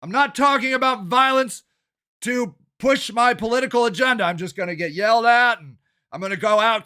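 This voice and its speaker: An older man, a local activist and council candidate, ranting angrily and swearing in a shouting monologue. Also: very high-pitched, clear, resonant tone. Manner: shouting, swearing, fast and agitated. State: angry and worked up.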